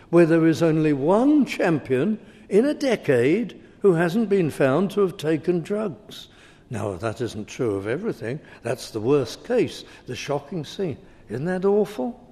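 Slow, mellow-voiced preacher in a hall. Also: male voice, fairly high pitch, big pitch swings. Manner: slow, emphatic, repeated refrain. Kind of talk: sermon. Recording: reverberant hall.

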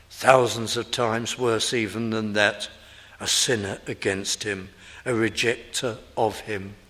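A man preaching a sermon, rising to fervent peaks and then dropping to low, hushed phrases. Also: big-room sound.

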